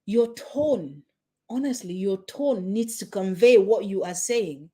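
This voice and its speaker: A woman's voice: medium pitch, takes it slowly, mellow. A woman in her forties giving a motivational talk to parents as a parenting coach, emphatic, repeating her points and asking the listener questions. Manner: checks in with "okay?".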